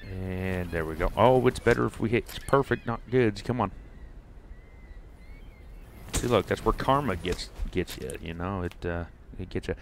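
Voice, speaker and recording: A man's voice: low-pitched, unhurried, a little hiss or hum. A young man, chatting casually while playing a fishing game and rambling through a folksy story. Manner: rambling, folksy, lots of restarts. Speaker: gaming streamer. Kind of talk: casual gameplay commentary and storytelling.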